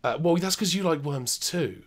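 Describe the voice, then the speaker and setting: A man's voice: fairly high pitch, animated, normal speed. Rambling male co-host talking retro games. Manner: rambling, knowledgeable, many restarts. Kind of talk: casual gameplay commentary.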